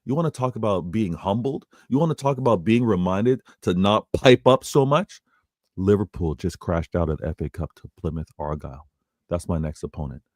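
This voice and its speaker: Man, fan show host: low voice, dry close mic, cocky trash talk. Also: lively intonation, moderate pace, a little mellow, no echo. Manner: boastful, trash-talking.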